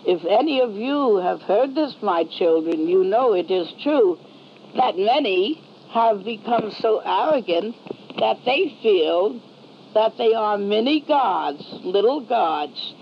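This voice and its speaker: A woman speaking as a solemn heavenly mother, slow and measured, with a gravelly low edge. The recording is dull and lo-fi, with a faint hiss underneath. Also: expressive. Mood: solemn warning.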